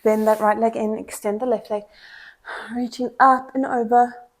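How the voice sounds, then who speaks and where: A woman's voice: on the high side, flat delivery, normal speed. A young woman leading a pilates class with short exercise cues and countdowns. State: out of breath. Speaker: pilates instructor. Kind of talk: cueing a workout class.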